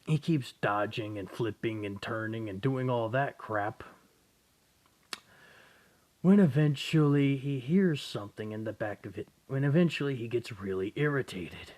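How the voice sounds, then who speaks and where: Slow, rambling young man telling a story. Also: medium pitch, a little mellow. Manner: rambling, profane, self-correcting. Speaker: fan-story narrator. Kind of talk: casual spoken story retelling.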